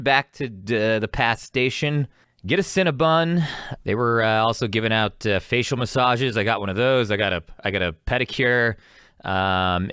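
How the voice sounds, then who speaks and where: Young male podcast host, low register, rambling self-deprecating storyteller, dry close sound. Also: a bit bright, no echo. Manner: rambling, self-mocking, acts out both sides of the quarrel. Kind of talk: casual storytelling monologue.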